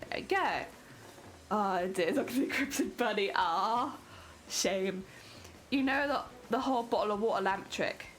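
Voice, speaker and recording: A woman's voice: medium pitch, a little slow, a little hiss or hum. A young British woman streaming while she crafts, chatting casually and greeting viewers with sing-song jumps in her voice. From Britain. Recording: faint music behind.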